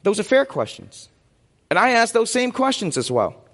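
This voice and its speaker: A man's voice: high voice, huge pitch swings, moderate pace, fairly bright tone, in a large hall. A middle-aged man preaching a sermon, asking the congregation questions and waiting for answers. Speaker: pastor.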